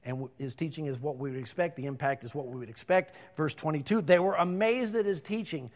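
Expressive preaching man, slightly high voice. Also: fairly quick. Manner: expressive preaching, swings from loud emphasis to hushed calm. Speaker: pastor. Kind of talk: sermon.

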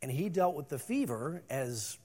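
A middle-aged male pastor preaching a sermon, moving between loud emphasis and hushed calm. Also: fairly high pitch, normal speed.

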